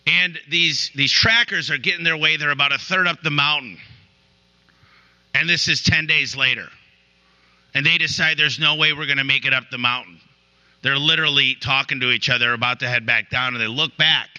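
Guy with a really bright voice giving a pep talk to a room, keeps stopping and restarting, tells stories. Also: a little high, normal speed, highs cut off. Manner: storytelling with repeated restarts. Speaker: business owner giving a talk. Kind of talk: motivational speech. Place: room with an audience.

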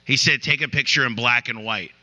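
A man's voice: medium pitch, fairly quick, bright, forceful tone, poor audio. A man giving a motivational talk to a room, telling stories and often restarting his sentences. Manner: storytelling with repeated restarts. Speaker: business owner giving a talk. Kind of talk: motivational speech. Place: room with an audience.

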